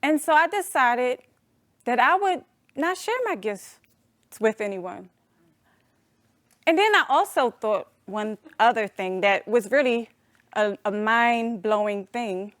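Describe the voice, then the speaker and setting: An adult woman telling a humorous personal story to an audience, animated and playful, calling them y'all. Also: on the high side, slow pace, pauses often, no room sound, studio quality. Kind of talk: storytelling talk.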